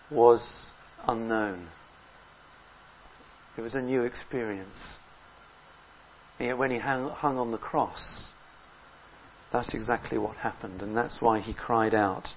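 A man preaching a sermon in an earnest way, rising loud on key words and dropping low between them. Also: takes it slowly, pauses often, muffled recording, a little hiss or hum.

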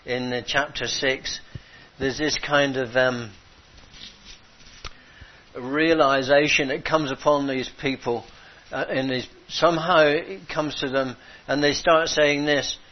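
A man preaching a sermon, halting and repeating himself, swinging from hushed to impassioned. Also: mid-range voice, steady tone. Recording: dull lo-fi recording.

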